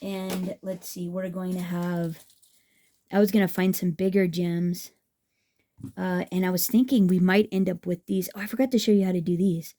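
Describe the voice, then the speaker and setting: A craft vlogger chats casually through a tutorial, enthusiastic and thinking aloud as she works. Her voice is lowish and warm, with a flat delivery at a normal speed.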